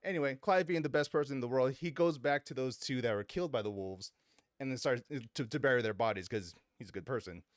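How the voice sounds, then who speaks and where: A man's voice: mid-range voice, quick pace, dry recording, clean studio sound. A man hosting a podcast, casually and animatedly retelling a video game story, laughing often and swearing casually. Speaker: podcast host.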